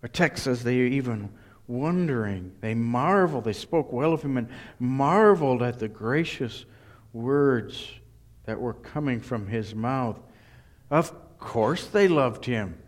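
A man preaching a sermon, emphatic and deliberate, now and then voicing what the crowd thinks. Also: medium pitch, expressive. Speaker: pastor.

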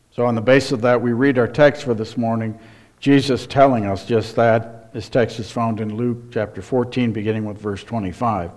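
A man's voice: medium pitch, darkish tone. A man pastor preaching a sermon in church, asking rhetorical questions and reading scripture aloud.

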